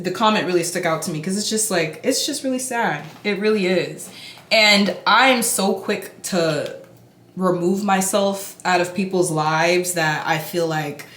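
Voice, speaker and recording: A young woman in a get-ready-with-me vlog, chatting casually while she does her makeup. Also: lowish voice. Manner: chatty and animated, talking while doing makeup. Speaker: beauty vlogger. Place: indoor room, hotel. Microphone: camera mic. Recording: echoey room.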